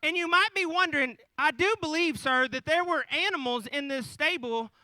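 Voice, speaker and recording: A man's voice: very high-pitched, moderate pace, sharp tone, dry recording, low-quality recording. A man in his thirties telling a folksy, joking nativity story to a live audience, with asides to the crowd. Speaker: storyteller on stage. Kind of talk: comic live retelling of the nativity.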